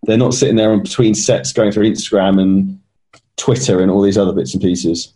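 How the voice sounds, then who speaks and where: Low, mellow-voiced British podcast host. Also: male voice, fairly even intonation, a little fast. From United Kingdom. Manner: conversational, jokey asides. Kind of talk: casual podcast interview.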